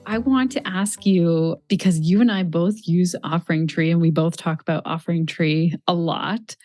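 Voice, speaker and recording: A woman with a low voice hosts a podcast and asks curious questions in a relaxed, conversational way. Faint music plays softly underneath her. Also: normal speed. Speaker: podcast host. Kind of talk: casual interview chat.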